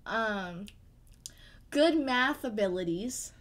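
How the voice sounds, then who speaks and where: A woman's voice: mid-range voice, lively intonation, slow. A woman co-hosting a casual chat show about tabletop games, bubbly and easily sidetracked. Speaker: podcast co-host.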